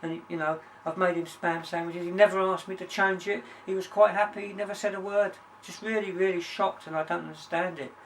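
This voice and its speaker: A woman's voice: on the low side, steady tone, fairly quick, hardly any pauses, recorded from a distance, slight background noise, voice pushed up, lightly acted, low-quality recording. A man voicing a puzzled Scottish widow who rambles about her husband's habits.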